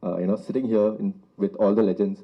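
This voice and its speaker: A man from North Madras speaks in a lowish voice. He rushes through a halting stage speech full of fillers. The event audio sounds dull. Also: fairly even intonation. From North Madras, India. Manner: rapid, halting, many fillers. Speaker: actor at a trailer launch.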